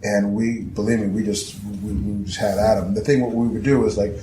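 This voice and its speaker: A man guest telling his story in casual, rambling talk, swearing freely and acting out quotes with sudden jumps in pitch. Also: steady tone, fairly quick. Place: historic house indoors. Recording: echoey room, faint noise.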